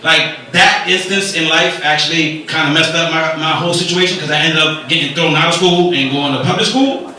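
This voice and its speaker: A man in his forties from New York City, from a Dominican family, does loose, profane stand-up on an indoor comedy club stage, with asides to the crowd. His voice is on the high side, steady, pushed and bright, and a little fast. The club is echoey and the mic is distant.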